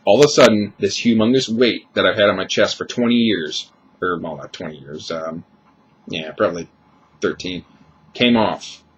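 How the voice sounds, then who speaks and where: A man's voice: low-pitched, moderate pace, husky, highs cut off. A man in his thirties talking candidly and at length in a rambling, confessional personal monologue. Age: 30s.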